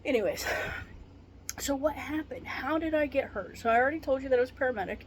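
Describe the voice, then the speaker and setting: A woman who is a retired paramedic, in pain and venting to camera with swearing and dark jokes. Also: high voice, lively intonation, fast, a little hiss or hum. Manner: swearing, exasperated, darkly joking.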